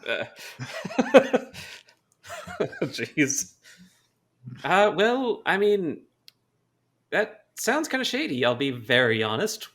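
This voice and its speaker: A man's voice: a little high, huge pitch swings, very slow, pauses often, fairly bright tone. A man playing a tabletop game, speaking in character in a friendly, eager, chatty way. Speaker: player. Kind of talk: in-character tabletop role-play.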